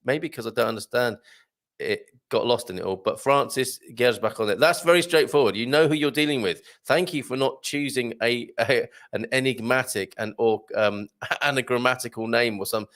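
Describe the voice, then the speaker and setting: A man's voice: medium pitch, normal speed, a bit bright. A light-hearted man hosting a live chat show, reading out viewer comments and laughing often. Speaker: host.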